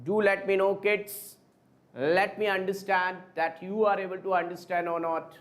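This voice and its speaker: A man teaching a live online chemistry class, talking slowly and repeating himself as he calls his students kids. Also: high voice, fairly even intonation. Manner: slow, repetitive, addresses students as kids.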